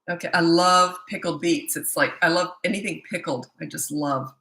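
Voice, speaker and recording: A woman's voice: fairly low pitch, normal speed, few pauses, pushed and bright. A middle-aged woman from Canada, a tired parenting coach chatting casually with viewers on a livestream and reading out their comments. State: tired, low energy. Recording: echoey room.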